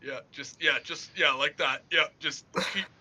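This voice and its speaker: A man's voice: on the high side, fairly even intonation, moderate pace, bright, forceful tone, slightly rough. A man running a casual tabletop game as game master, laughing often and narrating loosely with lots of fillers.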